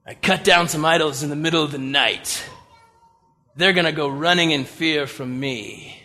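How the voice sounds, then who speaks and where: Preacher doing a fed-up young warrior, high and loud, complaining. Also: male voice, normal speed. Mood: exasperated. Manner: incredulous, complaining. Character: bold, exasperated young male warrior leader. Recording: long reverb of a large hall.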